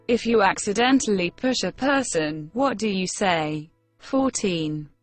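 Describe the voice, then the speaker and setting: Slow, careful woman reading a lesson. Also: mid-range voice. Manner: measured, careful dictation pace. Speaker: English lesson reader. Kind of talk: slow textbook reading for learners.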